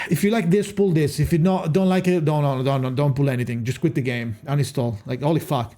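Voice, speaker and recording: Male streamer, somewhat high voice, exasperated, profane, lots of restarts. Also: steady tone, brisk, darkish tone, faint music behind. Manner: exasperated, swears often, many restarts. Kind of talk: casual live-stream chat.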